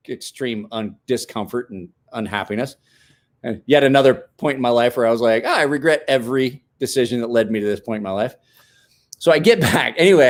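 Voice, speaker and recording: A man in his forties tells a story on his show with lots of energy. His voice sits at middle height but swings widely as he acts out what people said. The talk is loose and casual. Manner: animated storyteller, acts out quotes with big pitch jumps and laughs. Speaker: host.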